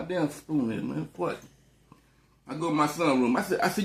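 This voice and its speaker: A man's voice: fairly high pitch, normal speed, creaky. A man chats and eats on camera, rambling through stories with plenty of cursing. His voice sits a little above the usual male range. The room gives everything a noticeable echo. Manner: profane, loose and rambling. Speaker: vlogger. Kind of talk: casual storytelling while eating on camera. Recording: echoey room.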